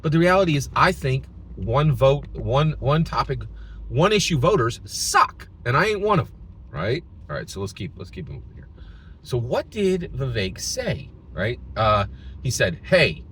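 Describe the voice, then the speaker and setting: Animated, emphatic male vlogger. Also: lowish voice, a little hiss or hum. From Philadelphia, United States. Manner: emphatic, tags lines with "right?"; repeats and restarts phrases. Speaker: political commentary vlogger. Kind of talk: casual opinion commentary.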